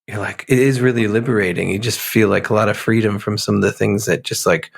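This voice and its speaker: A middle-aged man from Pennsylvania, a guest musician in a casual interview, talking in a relaxed, rambling way full of fillers. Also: lowish voice, quick pace, gravelly. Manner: relaxed, rambling, lots of "like" and "you know".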